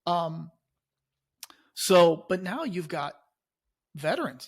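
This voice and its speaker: A middle-aged man as a guest in casual conversation, animated and talking loosely with fillers. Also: sits high, moderate pace, gravelly. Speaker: guest, veteran police officer.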